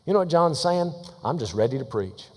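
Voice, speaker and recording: Preaching man in a reverberant church hall. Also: a little high. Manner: emphatic preaching, slows down to read scripture; animated, laughing storytelling. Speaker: pastor. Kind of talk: sermon. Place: church sanctuary.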